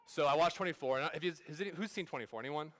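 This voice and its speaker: A man's voice: on the high side, racing, a bit bright. A man in his thirties, a pastor, preaching a sermon at a church service in a casual, storytelling way full of fillers and restarts.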